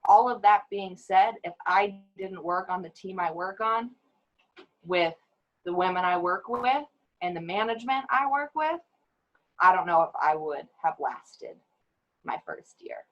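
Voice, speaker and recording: A woman's voice: medium pitch, unhurried, dull audio. A woman who works as an advocate for abuse survivors, speaking candidly and with animation on a webinar panel over a video call. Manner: candid, animated, with laughs and acted quotes.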